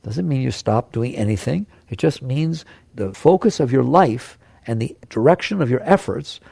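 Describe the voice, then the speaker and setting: A man with a gravelly voice gives a spiritual talk to a live audience, recorded close and dry. He speaks conversationally, asks the listeners questions and playfully acts out the mind's chatter. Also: mid-range voice, animated, moderate pace, darkish tone, no room sound. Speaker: spiritual teacher.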